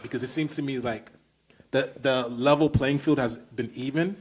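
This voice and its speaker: A man's voice: mid-range voice, moderate pace, husky. Man, Brooklyn accent, podcast host, emphatic, enthusiastic, casual slang. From Brooklyn, New York.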